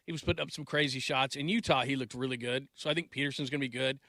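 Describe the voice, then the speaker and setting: A man's voice: medium pitch, steady tone, very fast, no echo, clean studio sound. A man in his forties hosting a sports talk show, rambling casually and restarting his sentences. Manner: rambling, restarts sentences, trails off mid-thought; gets loud and laughing when telling family stories.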